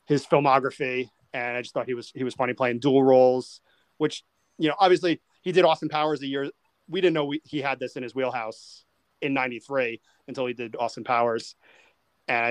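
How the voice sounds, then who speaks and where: A man hosting a casual movie podcast, with a voice of middling pitch. He rambles and restarts his words as he thinks. The sound is dry and close, with no room echo. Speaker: podcast host.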